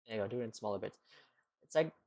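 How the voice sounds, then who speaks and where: A man's voice: fairly low pitch, gravelly, darkish tone. A man streaming live, rambling casually as he answers chat questions, with lots of "like" and "you know.".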